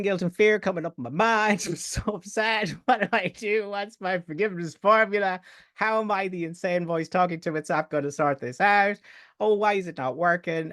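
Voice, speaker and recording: A man's voice: high-pitched, fairly bright tone, voice pushed up. A man playing a frantic, whining spiritual seeker. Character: panicky anxious adult male spiritual seeker.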